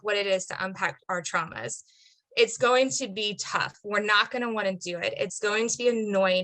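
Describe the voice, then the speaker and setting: A woman's voice: medium pitch, bright, forceful tone, poor audio. A woman parent sharing a heartfelt personal testimony on a webinar video call. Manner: heartfelt, earnest. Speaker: parent participant.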